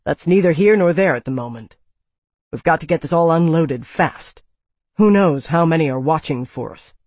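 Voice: mid-range voice, lively intonation, normal speed, darkish tone, no echo, close to an everyday voice. An audiobook reader voicing a tense, commanding man who speaks in a strained, harsh way. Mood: harsh, urgent.

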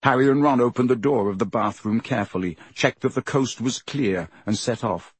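A man narrating a storybook in a steady, measured reading. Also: medium pitch, husky, no echo. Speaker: audiobook narrator.

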